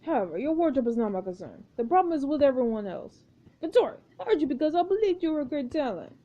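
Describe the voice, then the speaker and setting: A woman's voice: high voice, big pitch swings, fast talker, mellow, dull audio. A woman voicing a pompous, eccentric male film director in a mobile story game, with stilted, grandiose phrasing. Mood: commanding.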